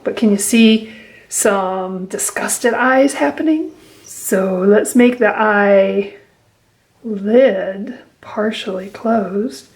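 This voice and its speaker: A woman art teacher talks through a drawing lesson in a mid-pitched voice. She is playful and encouraging and speaks straight to young viewers as she sketches. She laughs often and acts out silly sounds.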